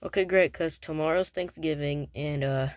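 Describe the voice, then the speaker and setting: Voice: normal speed, dry recording, studio quality. A speaker improvising a silly skit with toys, rambling with lots of fillers and restarts. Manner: switches to whispers and loud squeaky outbursts.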